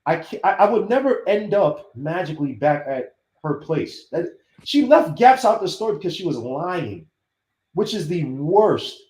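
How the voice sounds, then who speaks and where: A man chatting on a podcast, talking in a high voice that swings widely as he tells stories and acts out other people. His voice rings out in a roomy, echoing space. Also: normal speed. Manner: animated storytelling, acts out quoted voices. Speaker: podcast host. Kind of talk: casual podcast chat. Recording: roomy echo.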